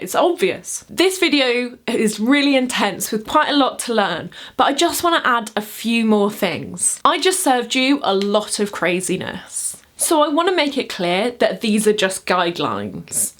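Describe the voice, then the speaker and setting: Chatty woman teaching poetry. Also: mid-range voice. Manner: chatty and expressive, chants rhythms aloud. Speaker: poetry teacher and video host. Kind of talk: casual explainer lesson.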